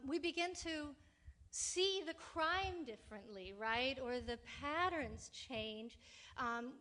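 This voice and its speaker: A woman academic speaks on a panel in a high voice. She lectures steadily and keeps adding "right?" to her points. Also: fairly bright tone. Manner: lecturing, frequent "right?" tags. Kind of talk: panel talk.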